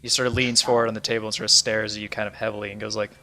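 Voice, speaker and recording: A man as game master narrating a tabletop game in a loose, halting way with many fillers. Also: fairly low pitch, level tone, pushed and bright, slight background noise.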